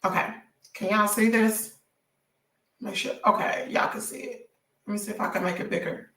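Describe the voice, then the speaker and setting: A hoarse woman hosting a casual gossip livestream, chatting straight to her viewers. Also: mid-range voice, fairly even intonation, moderate pace, a bit bright, echoey room, far from the mic. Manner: chatty, addresses viewers directly as y'all. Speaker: celebrity gossip livestream host.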